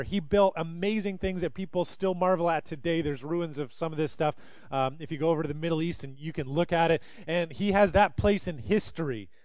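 High-voiced man preaching with animated storytelling. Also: no room sound. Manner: animated storytelling, acting out quoted speakers. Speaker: pastor. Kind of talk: sermon.

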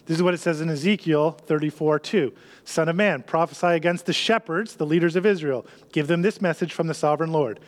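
Male pastor preaching, somewhat high voice, earnest delivery that sinks to quiet hush. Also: a little fast. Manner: earnest, drops to a soft hush on key lines. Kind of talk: sermon.

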